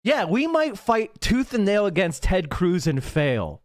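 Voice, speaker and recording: A man on a livestream rants with angry, profane emphasis. His voice sits high for a man and swings widely up and down as he hammers each point. The sound is close and dry, with no room around it. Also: big pitch swings, a little slow, no echo. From Pennsylvania. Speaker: political livestream host. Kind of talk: heated livestream rant.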